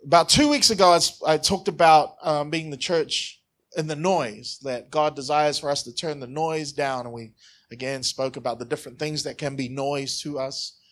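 A man's voice: on the high side, moderate pace. A man preaching a conversational sermon, joking and asking the congregation questions. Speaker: pastor.

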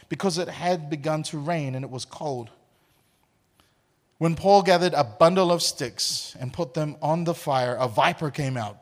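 A man's voice: a little high, measured pace. A man preaching a sermon. He tells stories with a lot of energy, laughs often and repeats words as he goes. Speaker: pastor. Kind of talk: sermon with personal storytelling.

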